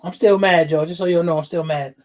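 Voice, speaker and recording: A man's voice: a little high, fairly even intonation, a little fast, darkish tone. Man, livestream host, casual chat, greets viewers, fired up, laughs often.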